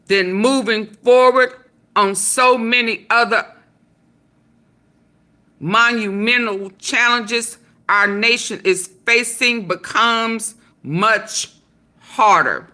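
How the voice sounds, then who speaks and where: A woman's voice: on the high side, slow, pushed and bright. A woman reading out a statement as a stern male military officer, in a stiff, emphatic tone.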